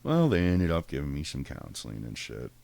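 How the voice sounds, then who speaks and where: A man's voice: extremely low pitch, wildly swooping pitch, fairly quick, creaky, a little mellow, dry recording. A man telling a long story in casual, profane podcast talk, rambling and acting out what people said in a raised voice. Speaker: podcast host.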